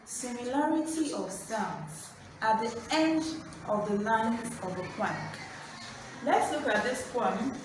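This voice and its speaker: A woman teaching an online literature lesson, speaking slowly and clearly, repeating key points and putting questions to the class. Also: fairly high pitch, lively intonation. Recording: distant mic in an echoey room with background noise.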